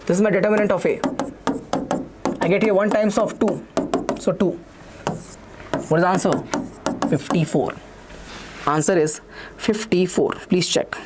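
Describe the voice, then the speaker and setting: A young man with an Indian English accent teaching a live online maths revision class, talking quickly and repeating himself while reading out students' comments. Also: high-pitched, fairly even intonation, background noise. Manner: fast, repetitive, reads students' chat comments aloud.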